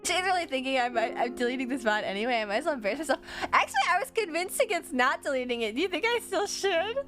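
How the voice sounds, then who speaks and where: A woman's voice: sits high, lively intonation, fast, fairly bright tone, soft background music. A woman streamer chatting casually with her viewers while she draws, swearing freely and laughing often.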